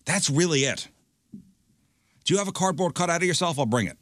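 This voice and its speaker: Male radio host: dry, rambling banter, bright tone, close dry studio mic. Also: on the high side, lively intonation, a little fast, no echo. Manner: dry, rambling, self-deprecating.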